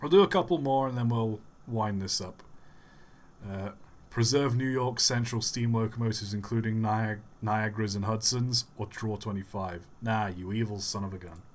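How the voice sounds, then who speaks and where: A man's voice: on the low side, moderate pace. A man live-streaming and giving rambling, wry commentary with the odd chuckle.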